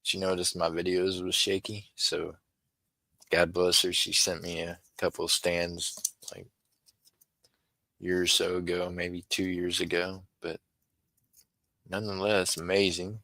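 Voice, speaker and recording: A man's voice: sits low, little pitch movement, measured pace, vocal fry, long pauses, bright, forceful tone, no echo, rough recording. A man chatting casually on his own livestream, rambling and talking to viewers by name. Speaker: livestream seller.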